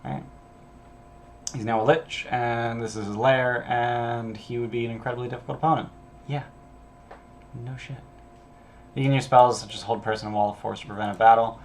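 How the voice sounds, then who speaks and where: A man's voice: medium pitch, steady tone, normal speed, pauses often, a little hiss or hum. A man running a casual solo prep stream as a game master, thinking aloud and reading adventure text in an offhand way, with some casual swearing.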